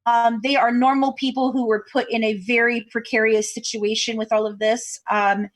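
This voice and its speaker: A woman from Kentucky, a true crime podcast co-host, chatting in an interview over a video call as a lively storyteller. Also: a little high, normal speed. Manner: chatty storyteller, acts out quoted voices. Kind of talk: casual interview chat.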